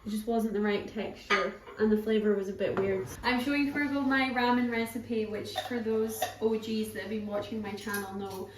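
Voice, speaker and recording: A woman's voice: medium pitch, steady tone, normal speed, hardly any pauses, background noise. Upbeat woman vlogger just chatting away, echoey kitchen, pots and cutlery clinking. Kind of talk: casual vlog chat. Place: home kitchen and out on a commute. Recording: echoey room with clattering dishes.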